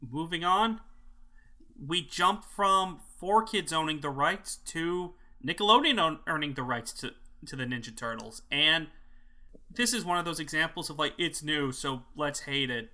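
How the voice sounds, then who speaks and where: A man co-hosting a casual review chat, relaxed and talking with lots of fillers. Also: a little high, a little slow. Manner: relaxed, chatty, filler-heavy. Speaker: co-host.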